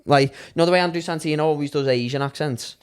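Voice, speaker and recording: A man's voice: a little high, quick pace, clean tone. A man with a Scouse accent bantering and teasing on a comedy podcast. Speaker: podcast co-host. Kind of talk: casual comedy podcast chat.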